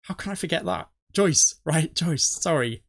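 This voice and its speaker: A man's voice: a little high, lively intonation, moderate pace. A middle-aged man, rambling through his theories on a reaction video and correcting himself as he goes. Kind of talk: casual rambling commentary.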